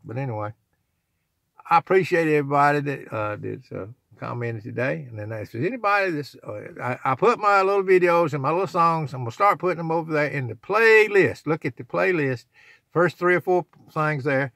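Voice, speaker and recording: A man's voice: fairly high pitch, lively intonation, a little fast, vocal fry, a bit bright, no echo, studio quality. An older man, rambling in a folksy, preachy way as he talks to his own channel's viewers. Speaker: channel owner. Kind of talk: rambling religious vlog talk.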